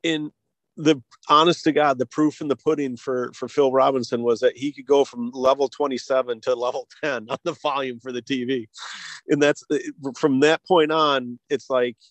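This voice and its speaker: Male guest, American, casual storyteller, mid-pitched, lots of restarts and light laughs, dry close sound. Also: fairly even intonation, a bit bright, dry recording. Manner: halting, many restarts and chuckles. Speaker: guest, hearing device company co-founder.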